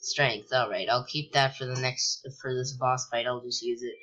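A man's voice: mid-range voice, moderate pace. Give me a young man casually rambling through a let's-play on a home mic, with a muffled lo-fi sound. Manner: rambling, lots of ums and likes, sudden excited yelps. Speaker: gameplay commentator.

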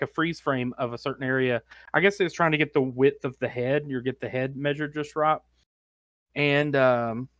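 A man co-hosting a podcast in casual chat, telling rambling anecdotes full of "like" and quick laughs. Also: mid-range voice, fairly bright tone, dry recording, clean studio sound. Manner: rambling anecdotes, heavy use of "like", laughs often. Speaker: podcast co-host.

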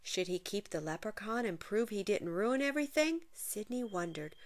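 Expressive woman reading a picture book. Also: a little high. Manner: expressive, playful sound effects. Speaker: narrator. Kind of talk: children's picture-book read-aloud.

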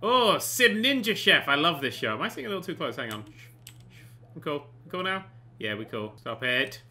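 A man giving sarcastic, excitable commentary while playing a life simulation game, often swearing and bursting into panicked shouts. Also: on the high side, normal speed. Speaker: gaming channel host. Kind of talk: comedic let's play commentary.

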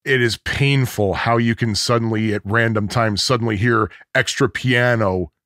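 A man's voice: medium pitch, normal speed, fairly bright tone, no echo, clean studio sound. A man co-hosting a casual music podcast, humming parts of songs to make his points. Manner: sings sounds and riffs to show music. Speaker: podcast co-host.

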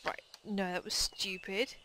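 A young woman hosting a game playthrough, chatty and excitable with quick asides. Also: medium pitch. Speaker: let's play host. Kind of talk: casual gameplay commentary. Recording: noisy home commentary track.

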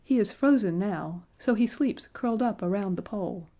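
A woman voicing a crowd of spiteful little sealskin dwarfs in a storybook, shrill and bawling. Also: normal speed, dark tone, lightly acted.

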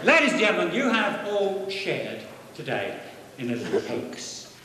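A man's voice: sits high, huge pitch swings, normal speed, noisy background. A man, a comedian, talking to a conference audience in a dry, self-mocking way. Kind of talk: stand-up comedy. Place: large conference hall. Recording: echoey hall with long reverb.

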